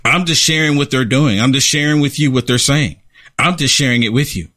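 A man's voice: medium pitch, brisk, sharp tone. A man hosting a political talk show, speaking emphatically and repeating phrases to drive a point home. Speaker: show host and political commentator. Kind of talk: opinionated commentary chat.

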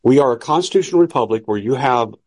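A man's voice: mid-range voice, animated, fast talker, a little mellow. A man hosting political commentary, talking in an emphatic, preachy and combative way. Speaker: host.

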